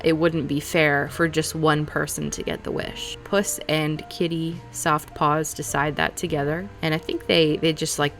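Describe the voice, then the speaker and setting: Low-voiced woman chatting about a movie. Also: fairly bright tone. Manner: rambling, self-correcting, hedging with laughs. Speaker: movie review vlogger. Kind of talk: casual chatty film review.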